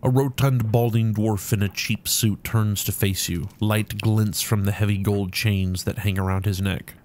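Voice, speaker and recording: A man hosts a video game playthrough and reads the story text aloud in an easy, amused way. His voice sits somewhat low, and he chats casually between the passages. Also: fairly even intonation, a little slow, darkish tone. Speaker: let's play host.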